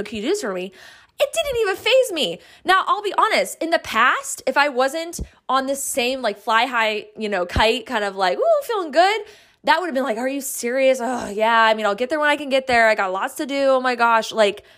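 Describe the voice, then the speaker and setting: A woman hosting a podcast tells a personal story in a casual, excitable, chatty way, acting out the lines she quotes. Her voice is a little high.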